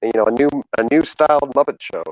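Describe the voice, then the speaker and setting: A man calling in from his phone while out, talking about puppets in an unhurried way with plenty of fillers. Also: mid-range voice, no room sound. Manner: unhurried, explains things with fillers. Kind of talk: casual chat. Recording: dull, robotic phone mic.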